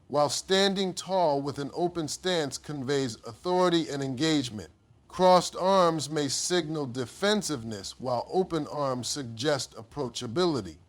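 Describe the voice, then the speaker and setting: A man delivering a scripted motivational speech in a measured way, each sentence dropping low and soft at the end. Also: animated. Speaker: motivational speaker.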